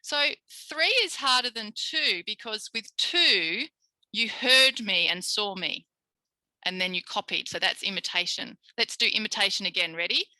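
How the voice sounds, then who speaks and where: A woman with an Australian accent leads a live online speech therapy tutorial. Her voice is very bright and sits close on a dry, unreverberant mic. She models single sounds and cheers her listeners on like small children. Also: mid-range voice, a little slow, no echo, poor audio. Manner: demonstrates speech sounds, coaxing and praising like with young children. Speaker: speech pathologist teaching a tutorial.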